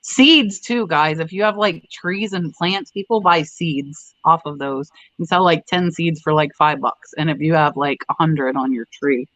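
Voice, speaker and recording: A woman's voice: low voice, normal speed, few pauses, fairly bright tone, no room sound, lo-fi sound. A woman hosting a casual live stream, rambling chattily and reading out viewer comments. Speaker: livestream host.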